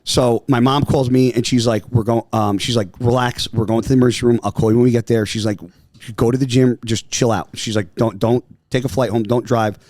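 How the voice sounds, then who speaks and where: A man talks at an everyday pitch, spinning a long story full of swearing and quick acted-out quotes. The sound is dry and close, with no room around it. He speaks in loose podcast chat. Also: dry recording. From New Jersey, US. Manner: animated, profane, acts out voices in quotes. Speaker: podcast guest. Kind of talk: casual storytelling. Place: podcast studio.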